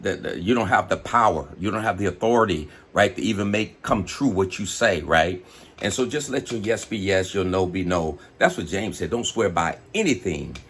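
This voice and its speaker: Brief: low, husky male preacher, casual sermon delivered straight to camera. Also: fairly bright tone. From West Coast of the United States. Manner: plainspoken, fills pauses with "you know" and "right?". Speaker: bishop. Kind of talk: informal preaching monologue.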